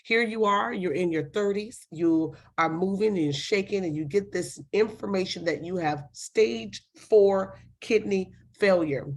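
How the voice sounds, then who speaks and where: A woman hosting and interviewing guests in an animated, chatty way. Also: medium pitch, measured pace, hardly any pauses. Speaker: host.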